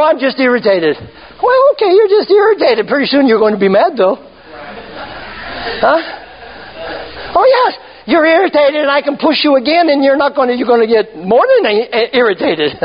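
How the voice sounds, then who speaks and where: High-voiced teasing male preacher, lo-fi. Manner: call-and-response, repeated "huh?", teasing and emphatic. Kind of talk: sermon. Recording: dull lo-fi church recording.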